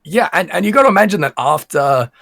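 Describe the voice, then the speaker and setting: A man's voice: high-pitched, lively intonation, fast talker, gravelly, fairly bright tone, no room sound. A man talking on a podcast, chatty and sure of himself, explaining at length with plenty of fillers. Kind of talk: casual podcast chat.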